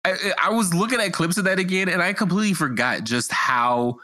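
A man co-hosting a casual film podcast, chatty and animated, often laughing. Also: high-pitched, brisk, no echo, clean studio sound. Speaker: podcast co-host.

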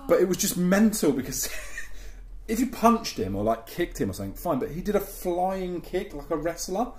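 A man's voice: high voice, big pitch swings, normal speed, darkish tone, roomy sound, slight background noise. A young man, a podcast host, telling workplace anecdotes with swearing and laughter. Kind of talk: casual storytelling chat.

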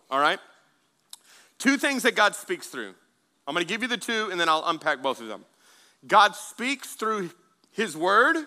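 A man preaches to his congregation in a loose, conversational way, circling back on his words and tossing questions to the room. His voice is strikingly bright and sits a little high for a man. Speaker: pastor. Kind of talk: sermon.

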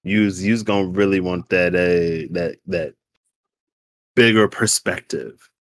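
A man co-hosting a casual spiritual chat, animated and playful, laughing often as he talks. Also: low voice, takes it slowly, no room sound. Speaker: podcast co-host.

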